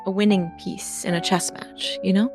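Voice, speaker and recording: A woman's voice: medium pitch, little pitch movement, moderate pace, over music, natural voice. A woman voicing a charming, easygoing young male duke in a tabletop role-play, speaking in a genteel, reassuring way.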